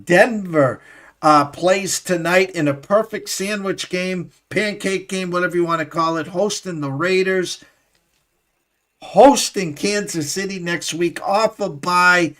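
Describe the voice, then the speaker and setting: A man hosting a sports betting show, talking in a halting way with many fillers and stammered restarts. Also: high-pitched, a bit bright. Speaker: host. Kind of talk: casual sports betting talk.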